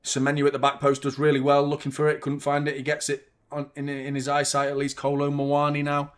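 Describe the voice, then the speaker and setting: A man's voice: on the high side, completely flat delivery, fairly quick. A young man hosting a live football watchalong, chatting about the match and swearing at the referee. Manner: fan reacting to play, swears and shouts at the referee. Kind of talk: live match commentary and chat.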